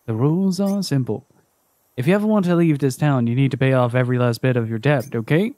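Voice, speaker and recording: A man voicing a cold, precise male debt collector in a video game, lecturing in a rapid, clipped way. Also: mid-range voice, mellow, dry recording, clean studio sound, natural voice. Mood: stern.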